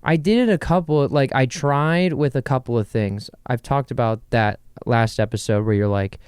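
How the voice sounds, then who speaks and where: Young man, podcast host, bedroom, casual rambling chat, jokey asides, clear resonant voice, mid pitch. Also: normal speed, few pauses, a little mellow, no echo, clean studio sound. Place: his bedroom.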